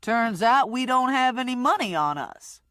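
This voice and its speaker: A woman performs a brash, bossy female sidekick who speaks in a sassy, blunt way, pitching her voice slightly high, above her natural register. The delivery is expressive and fairly bright at a moderate pace. The recording is dry, with clean studio sound.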